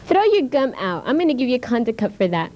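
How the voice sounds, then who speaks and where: A woman's voice: on the high side, sing-song, highs cut off, noisy background. Teen girl doing a curt strict teacher. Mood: stern. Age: late teens. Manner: curt, rapid reprimands. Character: strict female teacher handing out punishments.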